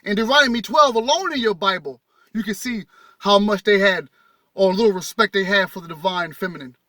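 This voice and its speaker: Man, bright voice, reading aloud, preachy asides, rereads and self-corrects, dry recording. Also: high-pitched, brisk, no room sound. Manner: rereads passages, stumbles and corrects himself; addresses listeners directly in casual vernacular. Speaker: spiritual teacher reading and commenting.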